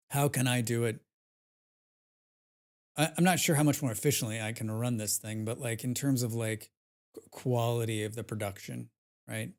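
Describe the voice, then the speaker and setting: A male game streamer talking to his live chat in a loose, rambling way, full of fillers and restarts. His voice sits at an ordinary middle pitch and picks up energy when he gets into a story about his play. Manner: rambling, filler-heavy, reads chat aloud; grows animated when recounting gameplay.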